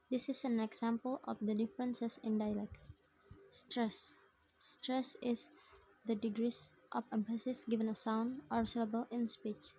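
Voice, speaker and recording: A young woman student reading her prepared phonetics assignment aloud, in short measured phrases. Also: a little high, dark tone, dry recording, low-quality recording.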